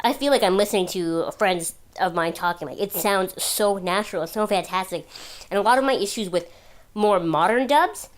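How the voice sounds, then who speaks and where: A woman talking casually in an opinion vlog, chatty and gushing, with lots of fillers. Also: fairly low pitch. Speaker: video blogger.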